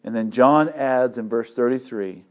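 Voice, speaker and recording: A man preaching an expository sermon, slow and deliberate, with loud emphatic swells and casual asides. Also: medium pitch. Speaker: pastor.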